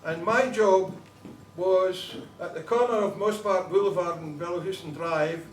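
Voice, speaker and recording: A man's voice: sits high, fairly even intonation, measured pace. An older man with a Glaswegian accent, a former police officer, tells a funny story to a live audience and laughs at his own jokes. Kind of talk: humorous anecdote to a live audience. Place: concert hall with an audience. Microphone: far camcorder on tripod. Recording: roomy hall from a distance, noisy.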